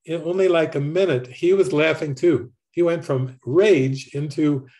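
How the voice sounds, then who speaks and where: A man, a spiritual teacher, telling a lively story and laughing often. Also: a little high, a little slow. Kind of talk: storytelling talk.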